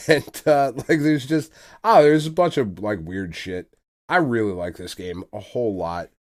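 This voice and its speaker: A man's voice: mid-range voice, unhurried, darkish tone. A man co-hosting a podcast, chatting casually in loose, profane banter and laughing often. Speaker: podcast co-host. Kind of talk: casual chat.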